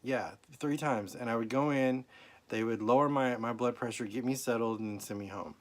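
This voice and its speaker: A man's voice: medium pitch, fairly even intonation, a little fast. A middle-aged man tells a personal story in a rambling, emotional way, at times close to tears. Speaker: vlogger. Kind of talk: personal health update vlog.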